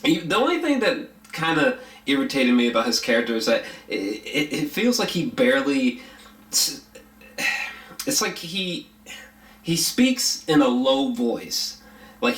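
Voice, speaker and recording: A man's voice: medium pitch, sing-song, moderate pace, a bit bright. Rambling man reviewing a film, roomy sound. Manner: rambling, frequent fillers and restarts, blunt with profanity. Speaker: movie reviewer. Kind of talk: casual spoken film review. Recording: roomy echo.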